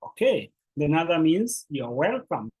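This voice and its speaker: A language teacher giving a beginner lesson, patiently repeating words slowly and encouraging the learners. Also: mid-range voice, sing-song, darkish tone, husky, low-quality recording.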